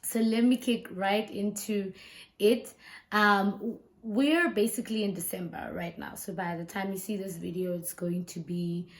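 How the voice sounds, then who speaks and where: A woman's voice: mid-range voice, steady tone, measured pace. A South African woman who is a lawyer, telling a story in a chatty, conversational vlog and often tagging her lines with "right?" and "you know". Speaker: lawyer and YouTuber.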